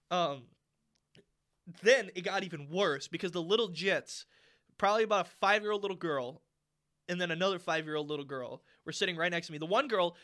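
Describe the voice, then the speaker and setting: A man's voice: sits high, bright, forceful tone. A young man co-hosting a casual podcast chat, ranting and swearing freely with lots of fillers. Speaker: podcast co-host.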